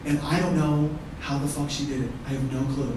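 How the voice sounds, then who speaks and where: A middle-aged man telling a profane, animated comedy story in a live one-man show, his voice jumping into shouts. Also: on the high side, fairly quick. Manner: animated, profane, shouts quoted kids' lines. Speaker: stand-up comedian. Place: live theater stage with audience laughing. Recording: echoey, distant theater recording with noise.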